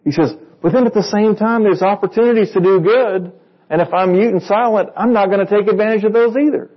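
A male pastor with a slightly high, husky voice, preaching in a conversational way. He reads verses aloud and puts questions to the congregation. The sound is dull and lo-fi, as if recorded in a church. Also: a little fast. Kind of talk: sermon.

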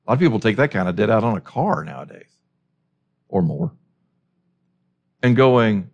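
A man's voice: mid-range voice, huge pitch swings, moderate pace, creaky, pauses often. A man preaching a sermon as a pastor, emphatic and full of rhetorical questions.

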